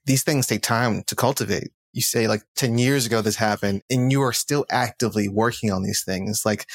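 A man's voice: mid-range voice, no room sound, studio quality. Earnest, reflective podcast host, a man. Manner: earnest, reflective, casual slang. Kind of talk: casual conversation.

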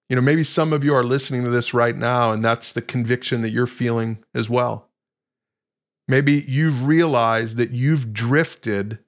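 A man hosting a podcast and teaching from the Bible, telling the story with emphatic, conversational energy and speaking straight to his listeners. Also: mid-range voice. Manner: animated, emphatic storytelling that acts out quoted lines; conversational, addresses listeners directly.

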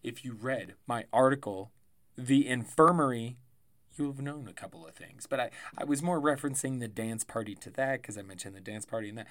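A man's voice: mid-range voice, fairly quick. A man hosting a casual solo sports podcast, rambling and chatty with self-corrections and asides, tired and yawning. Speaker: fantasy football podcast host.

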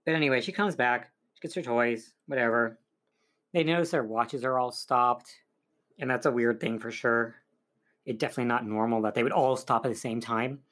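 A man's voice: mid-range voice, normal speed, fairly bright tone. A man casually recapping a film's plot as a reviewer, rambling with lots of fillers. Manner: chatty, rambling, full of "like" and "um". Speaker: film reviewer.

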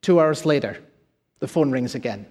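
A man's voice: mid-range voice, lively intonation, normal speed, darkish tone, in a large hall. A man preaching a sermon with emphatic, repeated phrases. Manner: preaching with rising emphatic repetition. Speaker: pastor.

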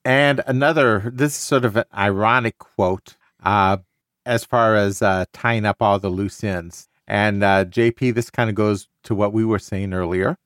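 A man's voice: on the low side, fairly even intonation, measured pace, fairly bright tone, dry recording, studio quality. A man hosting a casual book discussion podcast, talking with enthusiasm and often restarting his sentences. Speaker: podcast host.

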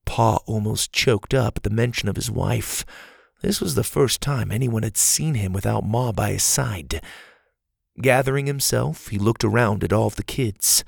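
A man reads a storybook aloud in an even, clear storytelling manner. His voice is gravelly and rough at the edges, and the recording is dry, with the mic close. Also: on the low side, normal speed, no room sound. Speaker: audiobook narrator. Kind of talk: scripted storybook narration.

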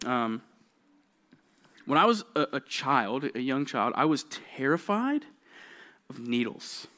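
A young youth pastor preaches to junior high kids, sharing a story from his childhood in a relaxed, conversational style. He checks in with his audience often, and his tone is fairly bright.

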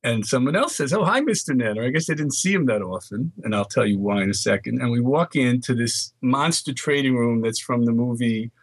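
An older man from the Bronx, telling animated stories as an interview guest. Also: mid-range voice, brisk, hardly any pauses, dry recording. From New York, Bronx. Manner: animated anecdotes with quoted dialogue. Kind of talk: storytelling interview.

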